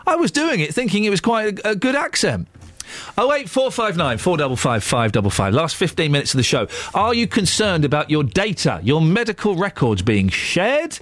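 Male radio host, playful and teasing, very lively pitch, a bit high, dry studio mic. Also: normal speed, dry recording. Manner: playful, reads aloud mockingly. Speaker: radio presenter. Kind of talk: joking breakfast radio chat. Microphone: studio microphone.

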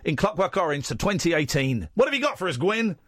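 A man's voice: high-pitched, sing-song, fast talker, fairly bright tone, no room sound, studio quality. A man hosting a late-night radio talk show, joking and rambling with many restarts. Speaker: radio host. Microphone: studio microphone.

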